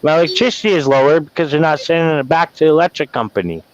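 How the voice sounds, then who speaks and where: A man's voice: on the high side, rapid-fire. A man from Wyoming, rambling and swearing as he vents emotionally in a casual chat. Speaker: guest caller venting. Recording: dull lo-fi sound.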